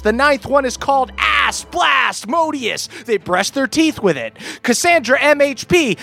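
A hoarse man who has lost his voice, reading playful, jokey patron shout-outs as a podcast host. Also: extremely high pitch.

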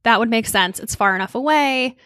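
A woman's voice: fairly high pitch, fairly quick, a bit bright, no room sound, studio quality. Chatty, wry woman podcast co-host. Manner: chatty, wry, thinks aloud with fillers. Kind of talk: casual chat.

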